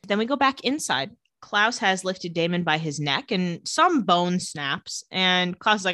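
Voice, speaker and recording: A woman's voice: medium pitch, animated, normal speed, few pauses, pushed and bright, no room sound. A woman co-hosting a podcast, casually recapping a TV episode and acting out the characters' lines in playful voices. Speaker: podcast co-host recapping a TV show. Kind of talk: casual chat.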